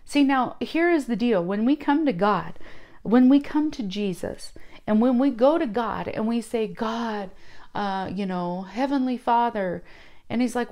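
A woman teaching from the Bible in a relaxed, conversational sermon. She speaks with emphasis and slows right down for the scripture passages she reads out. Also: medium pitch.

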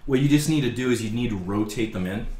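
A man's voice: medium pitch, fast, dark tone. A man playing a tabletop wargame, coaching his teammate through moves in casual table talk. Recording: roomy room with background noise.

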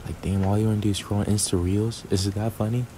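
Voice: low-pitched, little pitch movement, fast, background noise, natural voice. A man playing an irritable young boyfriend in a role-play clip, scornful, swearing and repeating himself. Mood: contemptuous.

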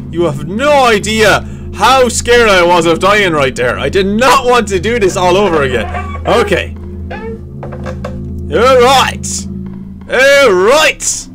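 A young man commenting on a horror game, his voice high and unhurried between bursts of panicked swearing and yelps. Game music plays clearly underneath him. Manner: frantic, swearing, yelps when scared. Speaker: gaming YouTuber. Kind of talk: let's play commentary.

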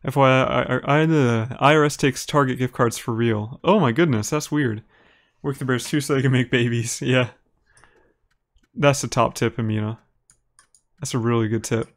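A man from Minnesota with an Upper Midwest American accent, a live streamer giving relaxed, chatty gameplay commentary and reading viewers' messages aloud. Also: mid-range voice, moderate pace. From Minnesota, United States. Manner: relaxed and chatty, laughs easily, talks to viewers by name.

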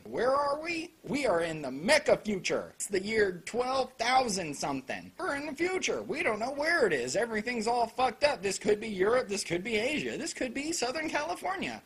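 A man rants through a casual anime review with sarcasm and plenty of profanity. His voice is somewhat husky, and his pitch rises and falls in lively swings as he mocks and praises. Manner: animated.

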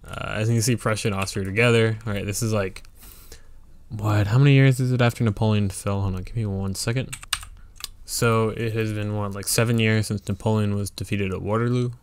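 A man's voice: fairly low pitch, fairly even intonation, a little fast, a little hiss or hum. A man hosting a let's play, giving casual strategy game commentary and thinking aloud with fillers and restarts.

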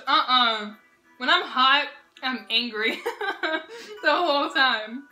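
A young woman hosting a casual reaction vlog, gushing and excitable, laughing often and swearing freely. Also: sits high, slow pace, faint music behind. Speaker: reaction video host.

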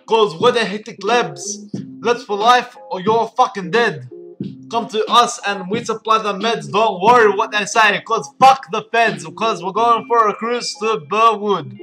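Brash young street tough rapping in a put-on Arabic accent, high and bright, voiced by a man, swaggering over faint guitar. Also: measured pace. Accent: put-on Arabic-accented English. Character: boastful young male Western Sydney street tough. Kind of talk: comic parody rap over guitar.

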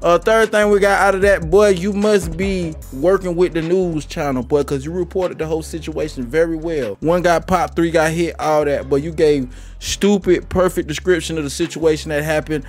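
A man with a notably high voice gives slangy, animated commentary on a music video. He talks straight to the artist as if the artist were in the room. A faint hum of music sits under his voice. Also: moderate pace. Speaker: music reaction host. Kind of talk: casual reaction commentary. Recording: faint music playing behind.

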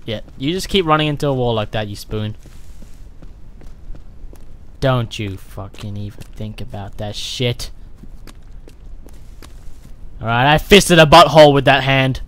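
Excitable, foul-mouthed man gaming. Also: mid-range voice, normal speed. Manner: excitable, profane, yelling reactions. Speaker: gaming channel host. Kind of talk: let's-play gameplay commentary.

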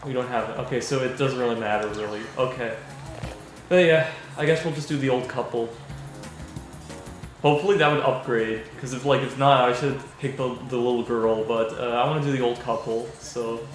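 A man's voice: medium pitch, brisk. A man giving casual gameplay commentary, reading game dialogue aloud and laughing often. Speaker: let's play gamer. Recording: very echoey room, faint music.

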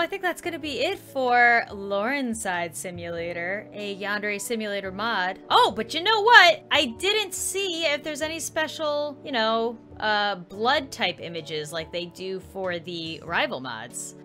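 A young adult woman giving excitable let's-play commentary, quick to laugh and shriek at the screen. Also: a little high. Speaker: gaming YouTuber.

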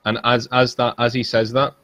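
A man's voice: medium pitch, level tone, normal speed, sharp tone, no echo. A man narrating as game master of a tabletop game, laughing often and stammering as he voices characters.

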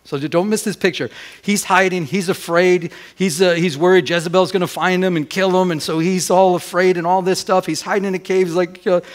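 A man preaching a sermon as pastor, putting questions to the congregation and moving between loud and hushed delivery. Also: sits high, fairly even intonation, brisk. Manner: asks the congregation rhetorical questions. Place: church during a Sunday service.

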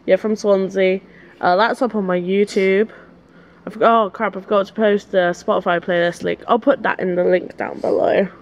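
A young woman chats straight into a handheld camera, joking and wandering from point to point as she vlogs. Her voice sits at an ordinary pitch for a woman, with a faint hum of noise underneath. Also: fairly even intonation, moderate pace, dull audio. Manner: chatty, jokey, rambling. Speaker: vlogger. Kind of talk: casual travel vlog chat.

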